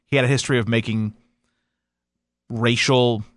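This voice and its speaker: A man's voice: medium pitch, steady tone, normal speed, no echo. A man on a radio show explaining a news item, matter-of-fact.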